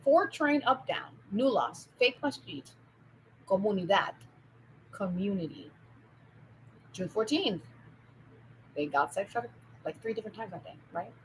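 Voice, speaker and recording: Erratic, rambling woman with wild pitch swings. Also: very animated, a little slow, pauses often, slight background noise, poor audio. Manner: erratic, jumping between topics, swearing; swings from loud outbursts to low mutters. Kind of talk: rambling solo monologue.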